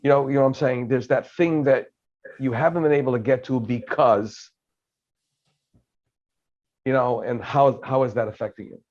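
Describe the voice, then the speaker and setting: This is a man hosting a podcast, chatting casually at a mid pitch. He talks haltingly, full of fillers and restarts. The audio is slightly dull and lo-fi. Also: fairly even intonation, darkish tone. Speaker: podcast host. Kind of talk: casual interview chat.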